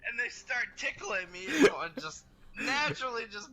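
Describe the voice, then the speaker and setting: A man's voice: extremely high pitch, expressive, normal speed, bright, forceful tone. A man on a stream telling a story to friends, giggly and profane, laughing through it. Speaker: guest on the stream.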